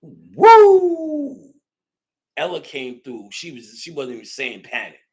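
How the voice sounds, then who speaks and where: Profane, excitable male storyteller. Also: medium pitch, moderate pace, vocal fry. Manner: swings between loud bursts and hushed asides. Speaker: podcast host. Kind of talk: casual chat.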